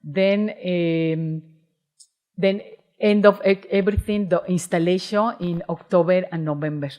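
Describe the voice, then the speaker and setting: A Mexican woman, Spanish her first language, gives a lecture in an auditorium. Her voice sits slightly low. She talks in a halting way, with fillers and repeated starts. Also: steady tone, dark tone. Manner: hesitant, many restarts and fillers. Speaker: guest speaker, independent curator. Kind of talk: lecture presentation.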